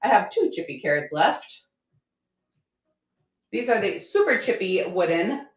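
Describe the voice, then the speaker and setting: A woman's voice: medium pitch, big pitch swings, a little slow. A woman selling decor in a live auction stream, chatty, upbeat and joking as she goes. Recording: roomy echo.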